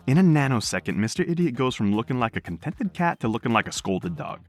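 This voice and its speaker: A man hosting a podcast, reading stories aloud in an animated storytelling manner. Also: medium pitch, a little fast, hardly any pauses, faint music behind. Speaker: podcast host.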